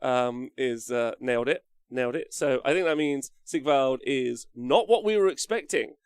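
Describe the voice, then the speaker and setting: A man hosting a live stream, cheerful and chatty as he thanks viewers by name. His voice carries a gravelly fry at mid pitch. The sound is dry and close to the mic. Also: lively intonation, moderate pace, a little mellow, no room sound. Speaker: wargaming stream host.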